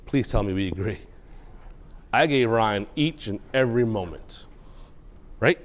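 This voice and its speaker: A man, a judge, speaking to students in a courtroom with an emotional storytelling manner, at times quiet and choked up, at times loud and excited. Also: on the low side, a little slow.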